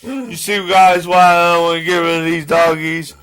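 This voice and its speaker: A man's voice: fairly high pitch, level tone, moderate pace, fairly bright tone, clean tone. A man talking casually in a vlog, playful and affectionate with his dogs, calling himself their daddy. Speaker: vlogger. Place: at home.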